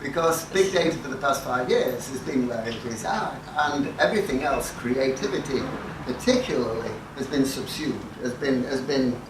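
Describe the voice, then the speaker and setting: A man's voice: mid-range voice, normal speed, hardly any pauses. Profane, wry older man in an echoey hall. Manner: dry, profane, self-mocking storytelling. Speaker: conference speaker. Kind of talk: anecdotal talk to a live audience. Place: lecture hall with audience. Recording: echoey hall, mic at a distance, noisy.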